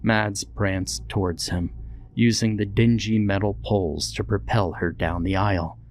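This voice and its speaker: Deep-voiced man narrating a story. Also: unhurried. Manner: reflective, steady storytelling. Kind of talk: scripted horror story narration. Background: faint background music.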